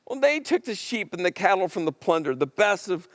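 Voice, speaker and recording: A man's voice: high voice, very animated, fairly quick, a bit bright, dry recording, studio quality. A man preaching, voicing a defensive ancient king who makes excuses and blames others. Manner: protesting, making excuses.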